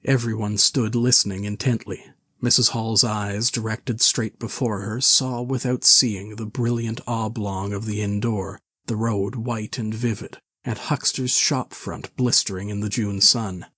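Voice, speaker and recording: A man narrating a classic novel in a measured, even way. His voice is low and husky. It sounds dry and close to the mic. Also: no echo.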